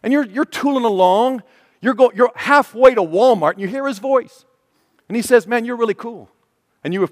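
High-voiced preacher telling a vivid story. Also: male voice, expressive, moderate pace, no room sound, clean studio sound, long reverb tail. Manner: storytelling, acting out voices, swinging from hushed to loud. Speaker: pastor. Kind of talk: sermon.

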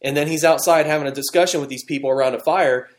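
Brief: male Bible study teacher, slightly high voice, chatty and animated, guides a class through fill-in notes. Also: fast. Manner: conversational and animated, with fillers and restarts.

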